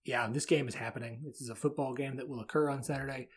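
A man's voice: mid-range voice, fairly even intonation, fast, breathy edge. A man hosting a casual college sports podcast, chatting and reading a sponsor spot in a loose, self-deprecating way. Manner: chatty, self-deprecating, reads ads conversationally. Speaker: podcast host.

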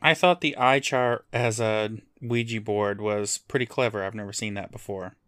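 A man's voice: on the low side, steady tone, moderate pace, a bit bright, no room sound. A man co-hosting a podcast in casual chat, dropping dry, joking asides. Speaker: podcast co-host.

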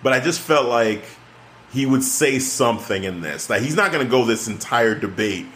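A man in a casual chat, voice sitting at an ordinary middle pitch. He talks with eager, rambling enthusiasm, restarting his sentences as he goes. Faint noise hums underneath. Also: lively intonation, moderate pace, fairly bright tone. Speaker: podcast co-host.

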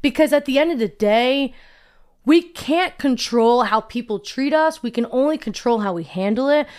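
A young woman vlogger telling a personal story in a candid, chatty way, often saying "like". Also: a little high.

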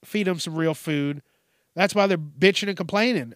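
A man hosting a casual, profane, joking news commentary from his desk at home, rambling and breaking into squeaky voices. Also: normal speed, fairly bright tone, dry recording, studio quality.

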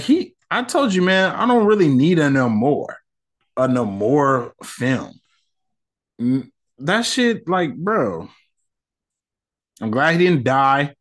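A man hosting his own podcast, ranting casually in heavy slang. His pitch swings widely as he talks, rising when he gets heated and dropping low when he mutters. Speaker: podcast host. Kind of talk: casual solo commentary.

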